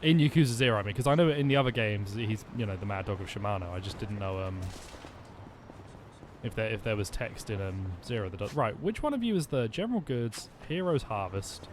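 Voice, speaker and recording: A man's voice: lowish voice, animated, fairly quick, a little hiss or hum. A man streaming a video game, chatting casually and rambling through jokey asides as he plays. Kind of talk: casual gameplay commentary.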